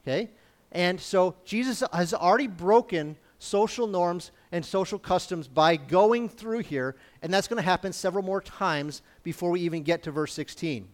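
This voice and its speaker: A man's voice: high-pitched, moderate pace. A man preaching in a conversational Bible-teaching style, informal and often checking in with his listeners.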